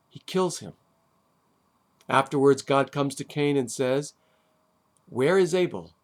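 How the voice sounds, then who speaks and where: A man, a rabbi, giving a sermon on the weekly Torah portion, deliberate with dramatic pauses and wry asides. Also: fairly high pitch. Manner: deliberate, with long dramatic pauses and emphatic stresses.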